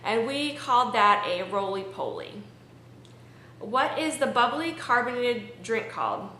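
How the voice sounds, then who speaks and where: A woman's voice: a little high, lively intonation, measured pace, sharp tone, a little hiss or hum. A woman from Maryland chatting casually to her camera, rambling with lots of ums. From Maryland, USA. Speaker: vlogger. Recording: echoey room.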